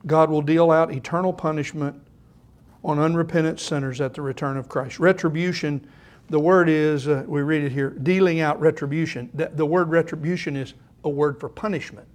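An older pastor delivers a sermon in a notably high voice. He talks to the congregation casually, then reads scripture with rising emphasis. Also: steady tone, moderate pace. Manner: conversational preaching that swells into emphatic scripture reading.

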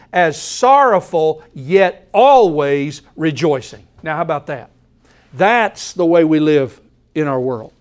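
A man preaching a sermon in a church, earnest and emphatic, often restarting his phrases. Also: high-pitched. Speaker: pastor.

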